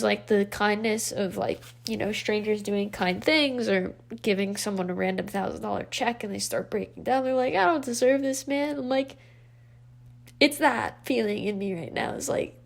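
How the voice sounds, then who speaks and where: Casting: woman, twenties, tearful confessional vlogger, slightly high voice with lots of vocal fry. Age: 20s. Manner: heartfelt, rambling, full of fillers. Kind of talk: emotional confessional vlog.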